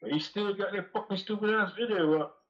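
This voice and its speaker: A man calls into a show and tells a long, rambling, profane story with an aggrieved edge. His voice sits a little high for a man. The call audio is dull and lo-fi. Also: brisk, a bit bright. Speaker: call-in guest. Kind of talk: casual storytelling. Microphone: phone call.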